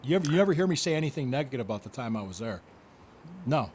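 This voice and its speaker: An animated man tells a story in a casual podcast chat, laughing and circling back over his words. His voice sits in the middle range, with faint noise behind him. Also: medium pitch, rapid-fire. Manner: animated, laughing, repeats himself. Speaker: podcast host, former wrestler.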